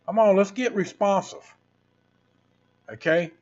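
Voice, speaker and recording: A man's voice: mid-range voice, expressive, measured pace. Sixties male streamer, rambling preachy rant over a muffled computer mic. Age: 60s. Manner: rambling, preachy, addresses viewers as folks. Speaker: livestream host. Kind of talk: casual livestream rant.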